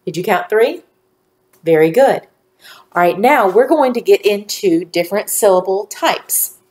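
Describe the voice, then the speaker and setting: A woman teacher giving a phonics lesson to young children, speaking slowly and clearly with encouraging praise. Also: mid-range voice, lively intonation, darkish tone. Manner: slow, clearly enunciated, encouraging.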